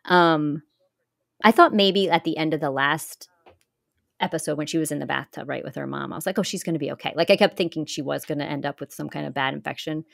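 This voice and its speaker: Low gravelly woman podcast co-host. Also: a little fast, fairly bright tone, no echo, studio quality. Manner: chatty, laughs often, acts out voices when quoting. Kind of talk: casual chat recapping a TV episode.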